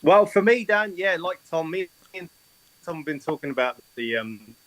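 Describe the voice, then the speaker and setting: A man's voice: high voice, lively intonation, normal speed, a bit bright, no room sound. Easygoing man with a dry, close sound. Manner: easygoing, agreeable, lots of yeahs. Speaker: guest on a livestream. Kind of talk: casual chat.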